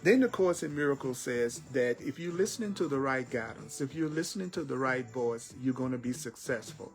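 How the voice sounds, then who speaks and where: A man teaching spiritual lessons in an emphatic style, repeating phrases and slowing down on key words. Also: mid-range voice, expressive, soft background music. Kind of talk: repetitive inspirational teaching.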